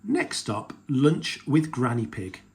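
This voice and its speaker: A man's voice: on the high side, sing-song, unhurried, fairly bright tone, a little hiss or hum, pitched above the performer's own voice. A man voicing a jolly, playful father pig in a read-aloud storybook, hearty and showy. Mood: cheerful.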